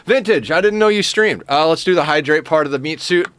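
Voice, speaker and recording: A man streams a game and chats casually with viewers, thanking them and reading their messages with lots of fillers and frequent laughs. His voice is on the high side, brisk and fairly bright, with lively intonation and no echo.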